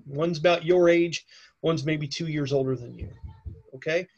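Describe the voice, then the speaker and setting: A man's voice: on the high side, normal speed, darkish tone, dull audio. A man with a cold narrating a tabletop game as game master in a chatty way. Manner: chatty, with many fillers and okays. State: has a cold.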